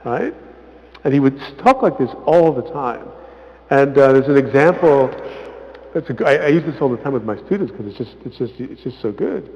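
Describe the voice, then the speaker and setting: A priest talks to a parish audience in a relaxed, conversational way, often checking in with "right?" and putting lively emphasis into the quotes he acts out. His voice sits at an ordinary pitch for a man. It is recorded with muffled sound in an echoey church hall. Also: fairly quick. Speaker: visiting priest speaker. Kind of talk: informal parish talk.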